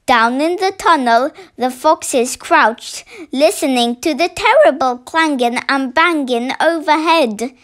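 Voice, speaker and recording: A woman reading a children's story aloud with slow, expressive storytelling. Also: sits high.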